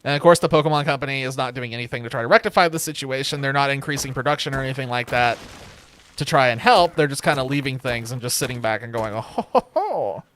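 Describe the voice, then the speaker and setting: A man's voice: medium pitch, fast talker, a bit bright. A young man streaming a game from home, rambling in casual commentary with wry, sarcastic asides. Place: home room with a webcam.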